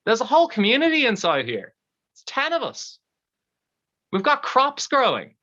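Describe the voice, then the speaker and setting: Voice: medium pitch, huge pitch swings, normal speed, bright, forceful tone, muffled recording, pitched above the performer's own voice. A storyteller voicing a tiny man trapped inside a woman, chirpy and matter-of-fact, with an Irish accent. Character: small man living inside a woman, cheerful and squeaky.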